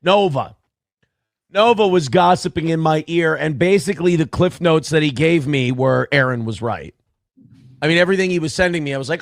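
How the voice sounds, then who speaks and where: Man, clip host, gossipy commentary, exasperated told-you-so, slightly high voice, dry sound. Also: a little fast, no echo.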